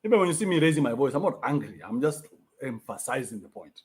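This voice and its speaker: A man's voice: medium pitch, big pitch swings, fast talker. A young adult man with a Kenyan accent, ranting bluntly in a profane, mocking livestream. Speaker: commentator. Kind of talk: livestream rant.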